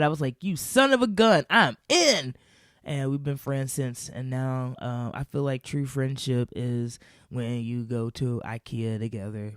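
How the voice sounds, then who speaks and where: A woman's voice: extremely low pitch, a little mellow, smooth, no echo, studio quality. Woman telling a rambling funny story. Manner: rambling, laughs often, casual swearing. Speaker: vlogger. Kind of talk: casual comedic storytelling.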